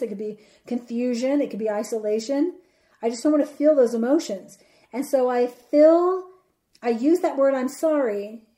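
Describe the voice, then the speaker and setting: A woman hosting a solo podcast, talking earnestly with many pauses, fillers and restarts. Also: on the high side, mellow. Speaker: podcast host. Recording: roomy echoey sound.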